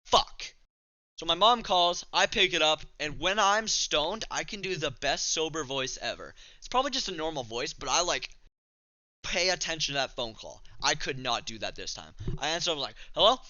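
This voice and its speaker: A man's voice: a little high, lively intonation, moderate pace, bright, forceful tone, no echo, lo-fi sound. A young man from Canada casually telling a rambling, profane, self-mocking story to the camera. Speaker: vlogger.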